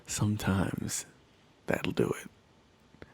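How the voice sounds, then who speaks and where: A man's voice: drawn-out words, darkish tone. Laid-back male podcast co-host. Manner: laid-back, laughs easily. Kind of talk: casual chat.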